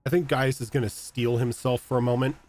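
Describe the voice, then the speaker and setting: A man's voice: medium pitch, fairly even intonation, brisk, a little mellow, dry recording, soft background music. A man playing a tabletop game, talking loosely with lots of fillers. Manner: loose, filler-heavy chat. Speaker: player.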